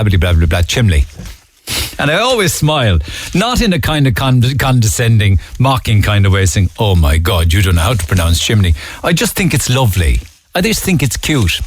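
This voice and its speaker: A middle-aged man with a Cork accent hosting a radio show, chatting casually with an amused manner and reading listener texts aloud. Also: on the low side. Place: radio studio. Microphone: studio microphone.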